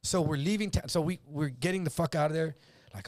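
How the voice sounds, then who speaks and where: A man telling a story in casual chat, animated, acting out voices and swearing freely. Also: on the high side, brisk, no room sound. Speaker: guest.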